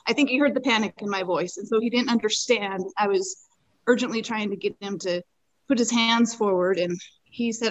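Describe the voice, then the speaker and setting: A woman's voice: on the high side, fairly quick, lo-fi sound. A woman guest on a podcast, recounting a personal experience in earnest, vivid detail. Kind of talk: personal storytelling in a conversation.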